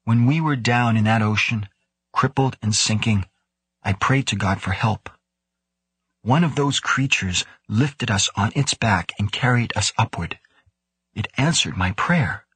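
A man voicing a quiet, earnest young male scientist, sincere and soft-spoken. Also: lowish voice, unhurried, husky, dry recording, exaggerated voice.

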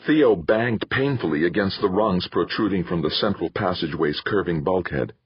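Brief: deep-voiced male narrator, husky, dull recording with no room sound. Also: moderate pace, no room sound. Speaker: audiobook narrator. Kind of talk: scripted narration.

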